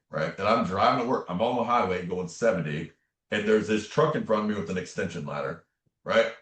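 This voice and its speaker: Deep-voiced man telling a story. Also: brisk, a bit bright. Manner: earnest, casual, often says "man" and "right?". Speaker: interview guest. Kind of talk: personal storytelling in conversation. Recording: echoey room.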